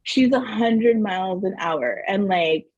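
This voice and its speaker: A middle-aged woman from Southern New Mexico with a slightly husky voice, recorded dry and close. She tells family stories as a podcast guest, animated and quick to laugh, with plenty of "like" fillers. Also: mid-range voice, dry recording, lo-fi sound. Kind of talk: casual storytelling interview.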